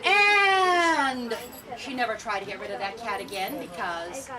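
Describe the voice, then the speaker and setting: A woman storyteller telling a tale to children in an animated way, quizzing the audience as she goes, filmed from afar on an outdoor festival stage. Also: mid-range voice, quick pace, loud music behind the voice. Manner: animated, asks the audience questions. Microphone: far camera. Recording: distant camera, outdoor crowd noise.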